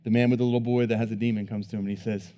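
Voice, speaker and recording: A man preaching a sermon who swings between hushed, low emphasis and loud, emphatic bursts, repeating words as he builds each point. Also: little pitch movement, rapid-fire.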